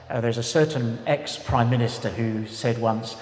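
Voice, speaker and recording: A man's voice: mid-range voice, normal speed, hardly any pauses. A man preaching a sermon as pastor, in a conversational, humorous way that acts out voices. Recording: echoey hall with long reverb.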